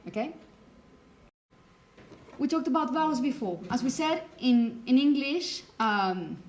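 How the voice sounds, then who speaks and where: A woman's voice: sits high, animated, a little slow. A woman from Spain with a Spanish accent and Spanish as her first language, giving a phonetics lecture in a classroom and often checking in with "okay?". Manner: explanatory, frequent checking "okay?". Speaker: teacher.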